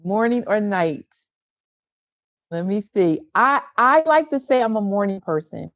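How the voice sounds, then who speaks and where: A woman's voice: mid-range voice, expressive, unhurried, fairly bright tone, no room sound, studio quality. A middle-aged woman hosting an online faith gathering from her sun porch, effusively greeting viewers by name in casual chat over a video call.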